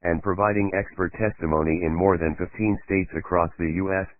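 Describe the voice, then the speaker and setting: A man voicing a detached male forensic dentist giving measured, matter-of-fact courtroom testimony in an audiobook. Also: deep voice, steady tone, clean tone, dry recording, lightly acted. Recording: tinny phone-like dry sound.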